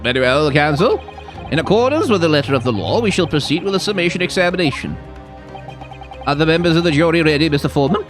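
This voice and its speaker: A man voicing a formal, measured older male judge presiding over a trial. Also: fairly high pitch, animated, over music, lightly acted.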